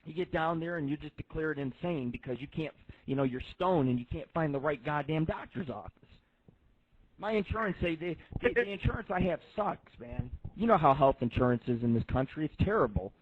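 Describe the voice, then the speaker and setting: A man's voice: on the high side, animated, a little fast, no room sound. A man hosting a radio show, telling a rambling story full of swearing. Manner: crude, swears constantly, rambling. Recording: tinny phone-like line.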